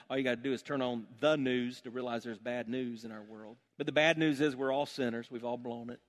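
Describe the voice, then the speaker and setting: A man's voice: mid-range voice, fairly even intonation, a little fast. A man preaching a sermon as pastor, building to emphatic calls and asking the congregation to repeat phrases.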